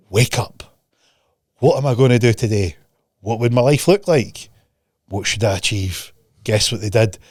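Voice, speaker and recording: A man's voice: on the low side, darkish tone, no echo, studio quality. A man hosting a podcast in a casual chat, ranting bluntly and profanely and mocking people with put-on voices. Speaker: podcast host.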